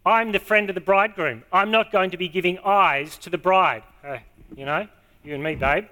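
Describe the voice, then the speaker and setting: A man preaching a sermon to a congregation, stressing key words and repeating them slowly. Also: high-pitched, bright, forceful tone. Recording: long hall reverb.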